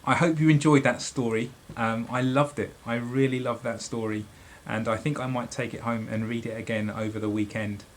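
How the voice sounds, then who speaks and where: A headmaster reading a picture book aloud to children, then speaking to them in a gentle, friendly way. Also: male voice, mid-range voice, steady tone, normal speed, hardly any pauses, a little hiss or hum. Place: school library.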